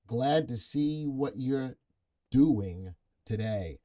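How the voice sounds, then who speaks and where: A man's voice: mid-range voice, animated, very slow, dark tone. A middle-aged man hosting a live stock market show, joking with puns and reading viewer comments aloud. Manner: playful, punning, reads viewer comments aloud.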